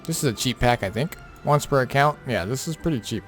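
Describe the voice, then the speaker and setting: A man's voice: mid-range voice, expressive, fairly quick, faint music behind. A tired man who has been up all night, casually going over game patch notes with lots of fillers and offhand remarks. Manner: rambling, filler-heavy, offhand. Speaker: gaming content creator.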